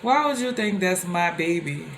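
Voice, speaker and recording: A young woman telling personal stories to the camera in a loose, conversational way, with animated exclamations. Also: fairly low pitch, moderate pace, slight background noise. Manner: animated, with rising exclamations when quoting others; loose and conversational, with many fillers and restarts. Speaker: vlogger.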